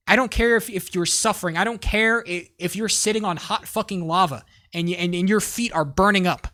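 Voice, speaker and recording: A man's voice: sits high, brisk, few pauses, sharp tone. A man streaming live, coaching a caster in a blunt, profane, emphatic way with rambling restarts.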